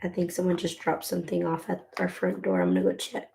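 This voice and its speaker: A woman's voice: sits low, very animated, fast, gravelly, dark tone, a little hiss or hum. A woman chatting casually at home while she crochets, rambling along with lots of filler words. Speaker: crochet vlogger.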